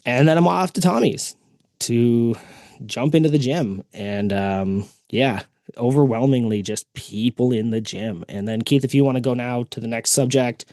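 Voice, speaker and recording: With medium pitch and a moderate pace, a man hosting a podcast tells a long story in easygoing chat, animatedly performing each quoted person. The recording is dry.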